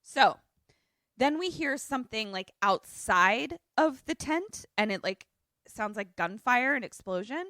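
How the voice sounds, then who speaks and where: A woman co-hosting a podcast in casual chat, retelling a film as an animated, joking storyteller who swears freely, on a remote call. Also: a little high, measured pace, no echo, clean studio sound. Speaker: podcast co-host. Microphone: remote call setup.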